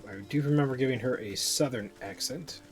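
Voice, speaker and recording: A man casually narrating his gameplay as a streamer, murmuring to himself in a relaxed way. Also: medium pitch, a little fast. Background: game music.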